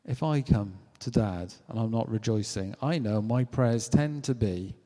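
A British man preaches in a relaxed, conversational way, slipping into little acted-out voices as he tells his stories. His tone is mellow and dark, and the sound rings with the long echo of a large hall. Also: on the low side, unhurried, few pauses. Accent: British English. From Britain. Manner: conversational, animated storytelling with acted-out quotes. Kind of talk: sermon.

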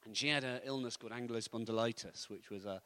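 A man preaching, telling stories in a lively, anecdotal way and chuckling often. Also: medium pitch, fast. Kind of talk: storytelling sermon.

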